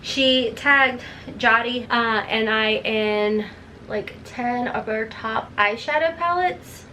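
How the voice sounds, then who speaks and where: Woman beauty vlogger, chatty and rambling, a touch high-pitched, faint room hiss. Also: slow, bright, forceful tone. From Kentucky. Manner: chatty, rambling, self-deprecating. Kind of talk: casual makeup tutorial chat.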